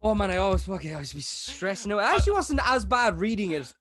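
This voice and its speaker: Lad co-host, high-pitched, animated, swears freely, casual chat. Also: male voice, fast talker. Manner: swears a lot, excitable. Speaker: podcast co-host. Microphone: video call.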